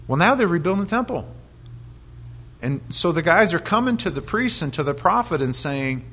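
Lively, joking pastor preaching to a congregation. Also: male voice, on the high side, moderate pace, slightly rough. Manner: conversational, lively, joking asides to the audience. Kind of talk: sermon.

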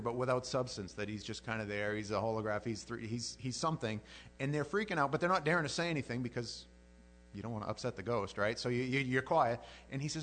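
Man, preacher, sermon, conversational, animated, restarts phrases, mid-pitched voice, faint hum.

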